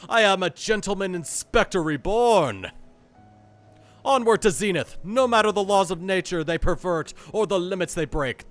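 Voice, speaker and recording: A man voicing a pompous, theatrical gentleman inspector in a game, with grandiose, over-the-top dramatic delivery. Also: high voice, voice pushed up. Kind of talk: fan voice-over of game dialogue.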